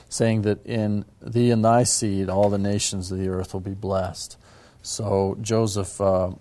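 A man giving a measured, reverent explanation of scripture and church history, with occasional fillers. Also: on the low side, mellow. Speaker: religious history presenter.

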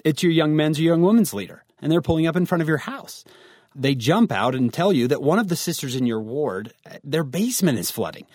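Male youth speaker, lively storyteller, close dry mic. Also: a little high, a little fast, dry recording. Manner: storytelling, addresses listeners directly. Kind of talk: devotional talk to teens.

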